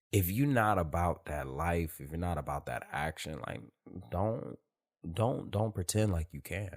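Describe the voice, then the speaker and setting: A man's voice: low voice, a little mellow. A man telling profane stories from his time in the military in casual street slang. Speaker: host. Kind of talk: casual storytelling monologue.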